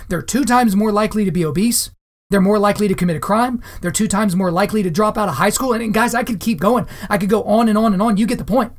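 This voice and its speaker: A man's voice: high-pitched, fast talker. A man hosting a solo podcast monologue, talking to his listeners in an emphatic way and repeating phrases for stress. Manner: direct, addresses listeners as guys. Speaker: podcast host.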